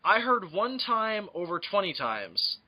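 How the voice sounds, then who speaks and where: Loud high-voiced young man joking. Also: sing-song, unhurried, breathy edge. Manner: loud, crude, laughs a lot. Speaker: podcast co-host. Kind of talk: crude comedy banter.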